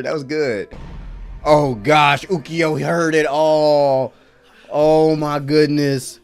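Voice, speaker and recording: A man giving casual reaction commentary on an anime episode, talking back to the screen with frequent exclamations and laughs. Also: on the high side. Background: faint episode soundtrack music.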